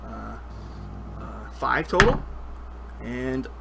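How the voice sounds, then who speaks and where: A man's voice: mid-range voice, wildly swooping pitch, extremely slow, creaky, heavy background noise. A man running a tabletop game as game master, narrating the action and thinking aloud over dice with easy chuckles.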